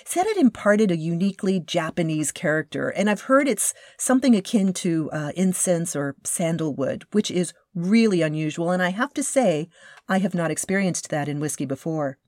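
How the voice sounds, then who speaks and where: A woman's voice: lowish voice, animated, moderate pace, darkish tone, no echo, studio quality. A woman host telling a story in a casual, enthusiastic way, often restarting and searching for words. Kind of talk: casual narration about a craft distiller.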